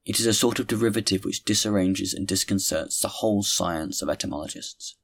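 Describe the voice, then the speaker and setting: A man narrating a classic novel as an audiobook reader, reading in a measured, deliberate way. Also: fairly low pitch, gravelly.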